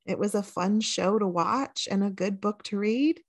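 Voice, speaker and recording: A woman co-hosting a podcast in casual chat, animated and eager to cut in. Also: mid-range voice, normal speed. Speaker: podcast co-host.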